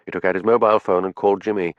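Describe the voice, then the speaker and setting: A man narrating a cozy mystery audiobook with expressive storytelling. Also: sits low, rapid-fire, no echo. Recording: dull, muffled studio audio.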